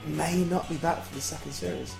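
A man's voice: on the high side, steady tone, fairly quick, vocal fry, echoey room, music in the background. A man hosting a comedy podcast, teasing his co-host, swearing and laughing often. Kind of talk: jokey banter podcast.

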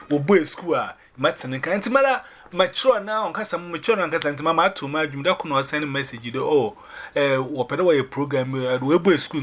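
A man sharing a personal faith testimony, telling it in an animated way and dropping in English phrases. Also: fairly high pitch.

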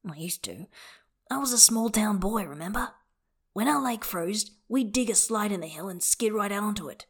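A woman's voice: medium pitch, animated, moderate pace, slightly rough, pitched above the performer's own voice. A woman doing a wry, plainspoken grown man. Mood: wry fond. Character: grown man, gruff but gentle partner.

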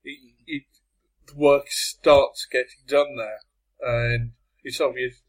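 A man's voice: mid-range voice, poor audio. Rambling man on a podcast panel. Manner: rambling, loses his train of thought. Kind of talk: casual chat.

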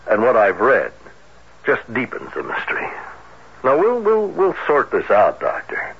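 An actor playing a shrewd police captain questioning a witness in a murder case, in a 1970s radio drama. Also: male voice, lowish voice, slightly rough, heavily acted. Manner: probing, skeptical questioning. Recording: dull lo-fi vintage radio with faint hiss.

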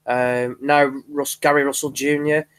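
A man in casual podcast chat about boxing, speaking in a measured way with frequent restarts. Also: medium pitch, level tone, a bit bright, smooth. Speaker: podcast co-host.

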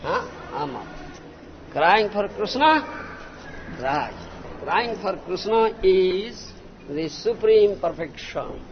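High-voiced slow guru prodding listeners. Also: male voice, expressive. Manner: repetitive, emphatic, often asks "huh?". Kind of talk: devotional lecture with disciples. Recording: muffled noisy archival recording.

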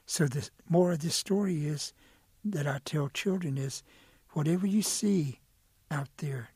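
A man's voice: fairly high pitch, measured pace, darkish tone, husky, no echo, studio quality. A middle-aged man telling folk stories aloud, rhythmic and playful, sometimes tripping over his words. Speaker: storyteller. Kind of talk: oral storytelling.

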